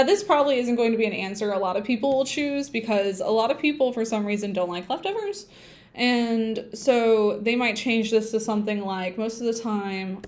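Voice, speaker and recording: A woman's voice: on the high side, slight background noise. A woman teaching an English speaking-test lesson on a livestream, thinking aloud and humming to herself as she types. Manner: hums and sings to herself while typing.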